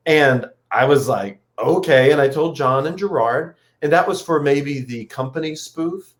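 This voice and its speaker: A man chatting as a guest performer, telling an anecdote in a lively way and acting out the dialogue. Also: on the high side, measured pace. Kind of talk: casual chat.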